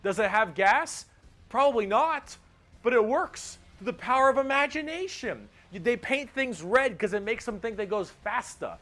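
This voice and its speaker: A man's voice: extremely high pitch, expressive, normal speed, bright, forceful tone. A man explaining lore casually, loose and jokey with offhand swearing. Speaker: lore explainer in a played video.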